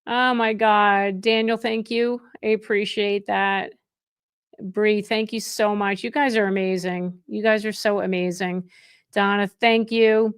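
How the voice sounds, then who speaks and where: A chatty middle-aged woman hosts a real estate live stream and talks to her viewers in a warm rush, often stopping and restarting her sentences. Her voice sits at an ordinary pitch for a woman. It is recorded close and dry, with no room sound. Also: flat delivery, measured pace, clean tone, dry recording. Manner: effusive and chatty, with frequent restarts. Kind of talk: casual live stream chat.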